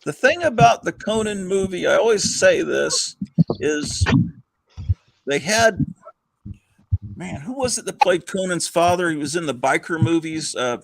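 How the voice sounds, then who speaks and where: Older guy rambling on a call, gravelly, kinda high voice, chuckles a lot. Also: expressive, measured pace, pauses often, poor audio. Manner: rambling, chuckling, many fillers. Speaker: host. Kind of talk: casual chat.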